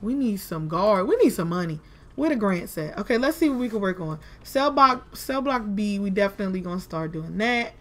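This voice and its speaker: A woman's voice: medium pitch, animated, a little fast. A woman giving casual let's-play commentary, chatty and talking to herself, with frustrated exclamations. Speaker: gaming video creator.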